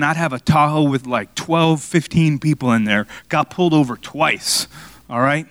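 A man's voice: moderate pace, dry recording. A man from Miami preaching a sermon, telling a personal story and talking back and forth with the congregation. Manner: storytelling, conversational with the crowd, rising to excited highs. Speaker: pastor.

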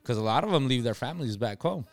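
A man's voice: mid-range voice, expressive, quick pace. A man hosting a podcast in casual chat, laid-back and mixing in Spanish, his voice slightly worn from the early morning. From grew up abroad, left family back home. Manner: laid-back, switches into Spanish, hype sign-off energy. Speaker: podcast host.

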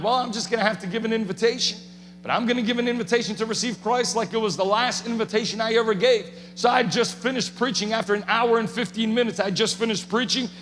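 High-voiced preacher in a reverberant hall. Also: male voice, a little hiss or hum. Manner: shouts passionately at times. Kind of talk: sermon testimony.

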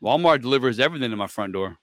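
A man's voice: medium pitch, animated, rapid-fire, a bit bright, dry recording, studio quality. A man co-hosting a podcast in casual chat, blunt and opinionated, swearing freely. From Florida. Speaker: podcast co-host.

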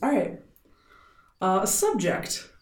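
An American woman co-hosts a casual podcast, reading listener stories aloud and breaking off for playful, giggly asides. Her voice sits at a middle pitch for a woman. The recording has a roomy, echoey sound. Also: big pitch swings, takes it slowly. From United States. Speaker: podcast co-host. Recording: roomy echo.

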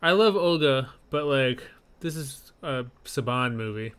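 Guy with a smooth clear voice, mid pitch, matter-of-fact podcast chat with dry jokes. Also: animated, measured pace, fairly bright tone. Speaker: podcast co-host. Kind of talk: casual chat.

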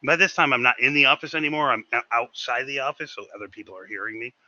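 A man on a podcast telling a story in casual chat, animated and swearing freely. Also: mid-range voice, quick pace, dry recording, dull audio. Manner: animated, swearing, acts out shouted quotes. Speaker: podcast co-host.

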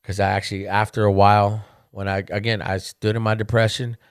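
He's a podcast host with a lowish, clear, resonant voice, talking a little fast as he candidly recounts family stories. He keeps saying "man" and becomes animated over the funny ones in this casual monologue. The sound is studio quality, without echo.

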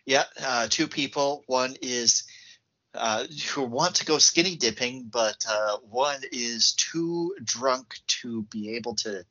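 A man's voice: medium pitch, slow, bright, forceful tone, dull audio. A man co-hosting a podcast, trading short replies and dry puns in casual film talk. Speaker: podcast co-host.

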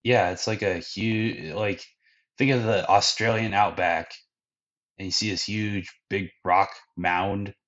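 A man's voice: low-pitched, fairly even intonation, slow pace, a bit bright. A man hosting a podcast, retelling an anime's episodes in casual, rambling chat full of fillers. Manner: rambling, filler-heavy storytelling. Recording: dull lo-fi podcast audio.

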